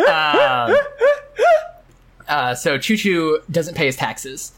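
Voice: medium pitch, background noise. A podcast co-host in casual chat, talking animatedly and laughing often while recounting and reading out an interview.

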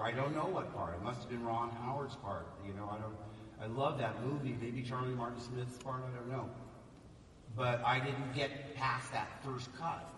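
A man telling stories to a live audience in a lively way, acting out the voices of other people. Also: medium pitch. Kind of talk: animated storytelling on stage. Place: large hall with a live audience. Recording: echoey hall, voice from far off, background noise.

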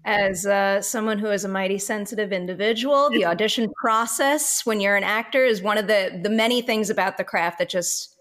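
A woman's voice: mid-range voice, moderate pace, hardly any pauses, fairly bright tone. A woman hosting a casual interview, asking long questions in a rambling way. She is self-deprecating and leans on filler words.

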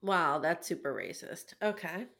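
A woman co-hosting a podcast in casual chat, easygoing and quick to laugh. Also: on the low side, fairly bright tone. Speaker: podcast co-host.

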